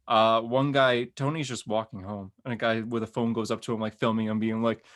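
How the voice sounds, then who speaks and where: A man hosting a podcast, chatting casually and excitedly about comic books, rambling with lots of filler words. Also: mid-range voice, brisk. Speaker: podcast host. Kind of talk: casual comic book review chat.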